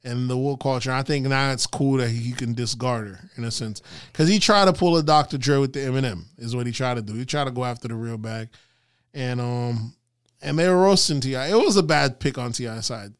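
Male podcast co-host, casual chat, smooth resonant voice, dry sound, laughs often. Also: medium pitch, a little fast, no room sound. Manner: animated, laughs often, swears freely.

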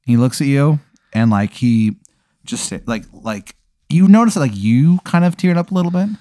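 A man improvising a tabletop game as its game master, with a deadpan, meandering delivery. His pitch is medium and he stalls often on ums and likes. The recording is close and dry, with no room sound. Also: moderate pace, no room sound.

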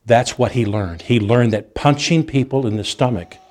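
A man's voice: medium pitch, normal speed. Storytelling male preacher. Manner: storytelling, animated, with restarts and chuckles. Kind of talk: sermon.

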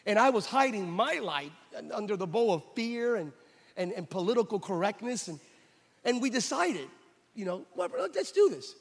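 Emphatic high-voiced preacher in a hall. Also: male voice, expressive, normal speed, slightly rough. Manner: emphatic preaching, acts out dialogue in anecdotes. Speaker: pastor. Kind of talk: sermon with personal storytelling.

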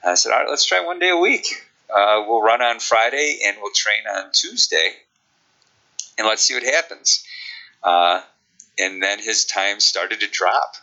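A sprint coach with a Chicago accent, explaining training in a relaxed podcast interview, with many ums. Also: male voice, fairly low pitch, a little slow, dull audio.

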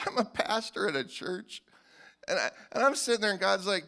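A male pastor preaching a sermon in a casual, animated way, often restarting his sentences. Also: high voice, moderate pace, creaky, long pauses. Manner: animated and informal, with frequent restarts. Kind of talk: conversational sermon.

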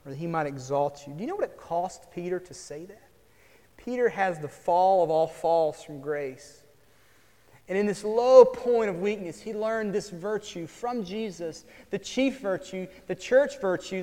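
A man delivers an earnest sermon in a fairly high voice. He drops to a hush and then swells into emphatic lines. The sound carries the long reverb of a large sanctuary. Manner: earnest, swings from hushed to emphatic. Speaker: pastor.

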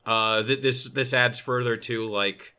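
A man's voice: mid-range voice, steady tone, measured pace, bright, forceful tone, clean tone. A man co-hosting a casual discussion of a fan story, recapping the plot with stammers and restarts. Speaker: podcast co-host.

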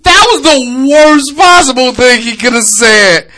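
Guy hosting a chat show, bright voice, swears a lot, pitch jumps all over. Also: unhurried. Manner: emotional storytelling, swearing, animated. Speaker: podcast host. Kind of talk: casual chat.

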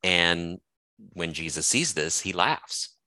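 A man's voice: low-pitched, animated, slow, bright, forceful tone, dry recording. A male scholar explaining ideas from his book in a thoughtful, hedging way, with many fillers and restarts. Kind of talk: conversational explanation.

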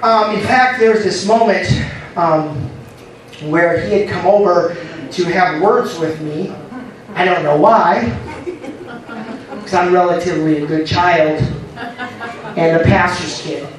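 A man's voice: high-pitched, unhurried, pauses often, distant mic. A man preaching a sermon as pastor, telling a story with laughs and calling to the congregation. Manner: storytelling with laughs, call-and-response. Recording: roomy echo, from the mic.

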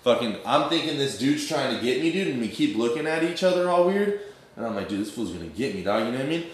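A man's voice: fairly high pitch, expressive, fast talker. A young man telling a rambling, profane story in slang, full of fillers. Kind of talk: casual storytelling. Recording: very echoey room.

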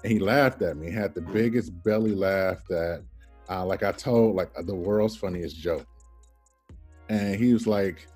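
A man in his thirties, a podcast guest telling an animated personal story and acting out the people in it. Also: low voice, a little slow, soft background music. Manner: animated storyteller, acts out quoted voices, laughs often.

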